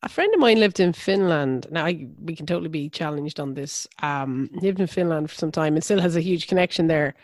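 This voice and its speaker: A speaker in casual podcast conversation, reflective and quick to laugh. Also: mid-range voice, no room sound, clean studio sound.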